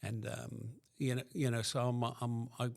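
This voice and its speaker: A man's voice: mid-range voice, level tone, moderate pace, gravelly, a little mellow. A middle-aged man from Pennsylvania, a podcast guest, tells his recovery story in a rambling way, full of restarts.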